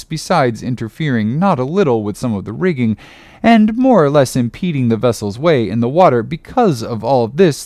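A man narrates a classic novel at a medium pitch, in a measured and dramatic way. The recording is close and dry, with no room sound. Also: a little mellow, dry recording. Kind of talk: audiobook narration.

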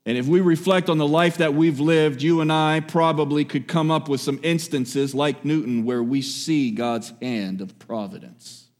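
Emphatic male preacher, rising and hushed. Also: on the high side, normal speed, few pauses. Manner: emphatic preaching, swinging between raised exhortation and hushed quiet lines; repeats key phrases for emphasis. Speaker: pastor. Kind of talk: sermon.

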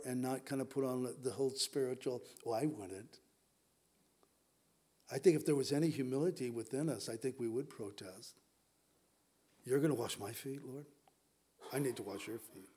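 A male pastor preaching a sermon in a conversational, animated way, often acting out quotes. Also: mid-range voice.

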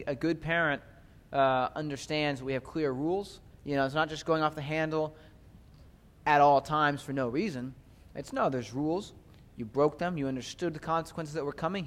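A man teaching a Bible sermon in a casual, conversational way, reading scripture aloud and checking in with listeners with frequent asides. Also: fairly high pitch. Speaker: pastor. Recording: long hall reverb.

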